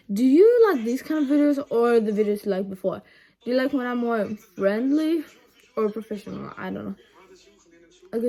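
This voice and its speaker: A young woman vlogging a casual makeup tutorial at home, rambling and chatty with lots of ums and side remarks, recorded on a phone camera set low. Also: animated, fairly quick, vocal fry, dark tone.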